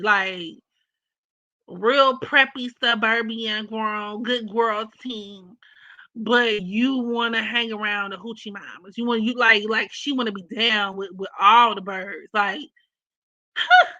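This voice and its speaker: A woman gives blunt, opinionated takes in slangy casual chat. Her voice is bright and fairly high. The recording is dry and slightly muffled. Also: a little slow, no echo. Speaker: astrology vlogger.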